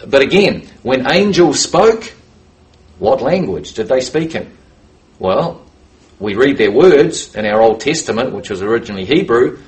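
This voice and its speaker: A man preaching a sermon, reading scripture aloud and stressing key words as he slows for emphasis. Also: medium pitch, big pitch swings, rough recording.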